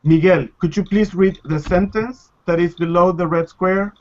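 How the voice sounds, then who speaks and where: Male language teacher, slightly high voice, unhurried, lo-fi call audio. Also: fairly even intonation, a little mellow. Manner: patient, slow, repeats and models pronunciation. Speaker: Spanish teacher. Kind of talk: live online language class. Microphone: video call.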